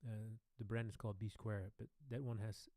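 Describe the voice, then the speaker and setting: A man hosting a casual live-stream Q&A, chatting with viewers in slightly non-native English and often trailing off softly. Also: lowish voice, little pitch movement, moderate pace, no echo. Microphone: studio microphone.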